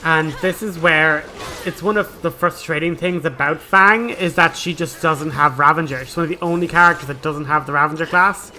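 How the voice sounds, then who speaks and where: A man's voice: on the high side, pushed and bright, poor audio. A young man hosting a gaming channel, explaining his game strategy in a chatty, casual way full of "like". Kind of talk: casual gameplay commentary.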